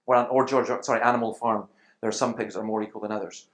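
Man telling lively anecdotes. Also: on the low side, fast talker. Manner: animated storyteller, acts out quoted voices. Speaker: Christian speaker. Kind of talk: conversational talk with anecdotes.

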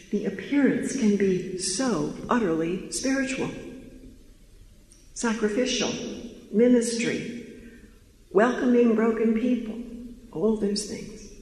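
A man's voice: sits high, a little mellow. A man teaching a live audience in a large room, earnest and questioning, drawing the listeners in, recorded in an echoey hall. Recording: echoey hall, faint noise.

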